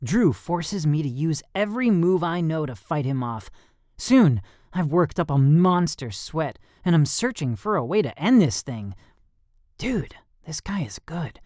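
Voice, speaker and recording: Man narrating with lively, swinging pitch. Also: a little slow, no room sound, studio quality. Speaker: audiobook narrator. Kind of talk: first-person audiobook narration.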